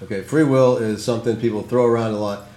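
A man's voice: medium pitch, steady tone, fast talker, dark tone, roomy sound. Male pastor, conversational teacher, plain-spoken delivery. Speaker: pastor leading a Bible study. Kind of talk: teaching sermon with group discussion.

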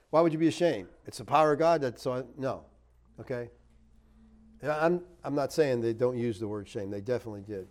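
A middle-aged man, a pastor, reading viewer comments aloud in casual chat, laughing often and swinging from emphatic bursts to low asides. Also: a little fast, a little mellow. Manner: chatty, laughs often, rises emphatic then drops low.

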